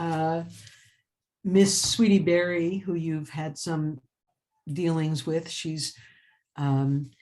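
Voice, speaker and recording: This woman, an author and writing teacher, has a deep voice with a dark tone. In a casual interview chat, she tells stories energetically, laughs often, and rambles along, restarting her phrases.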